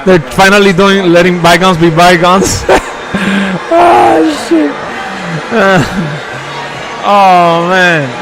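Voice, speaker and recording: Man, high voice, very slow drawl, excitable and profane, live-stream reaction. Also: over music, a crowd in the background, rough recording. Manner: excitable and profane, calls viewers bro and dog. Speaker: streamer host.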